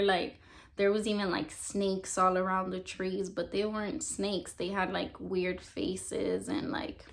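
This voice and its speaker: A woman's voice: medium pitch, a bit bright. A young woman telling a personal testimony in casual, rambling storytelling, filling her talk with "like". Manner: rambling, heavy use of "like" fillers. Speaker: testimony speaker.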